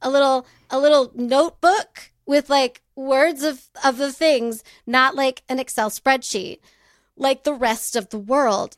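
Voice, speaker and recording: A fairly high-voiced young woman chats on a podcast, telling a story with frequent giggles and self-deprecating asides. The sound is dry and close to the mic. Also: no room sound. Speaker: podcast co-host. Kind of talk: casual chat, storytelling.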